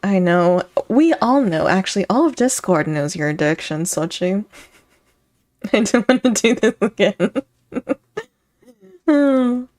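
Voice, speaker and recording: Woman streamer, unhurried, laughs often, chatty reaction commentary. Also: medium pitch, lively intonation, darkish tone. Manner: playful, giggly, thanks chat viewers by name. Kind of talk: casual live-stream commentary.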